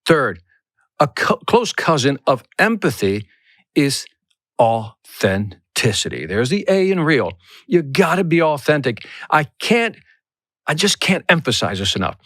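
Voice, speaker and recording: A man's voice: a little high, a little slow, no room sound, studio quality. Emphatic male sales podcast host. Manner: energetic, emphatic, conversational coaching. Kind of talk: solo podcast talk.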